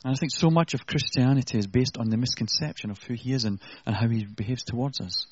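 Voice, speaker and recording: A man's voice: mid-range voice, fast talker, a little mellow, highs cut off, slight background noise. A man preaching an earnest, conversational sermon with self-deprecating asides.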